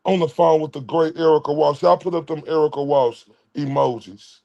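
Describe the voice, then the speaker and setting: A man's voice: on the high side, steady tone, normal speed, vocal fry, a little mellow, lo-fi sound. A man from Texas, streaming commentary in a preachy way and repeating his phrases.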